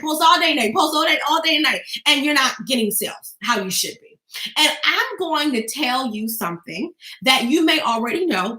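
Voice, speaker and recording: A woman business coach giving an energetic, talkative motivational talk to the camera, emphatic and peppered with "okay?". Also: high voice, roomy sound.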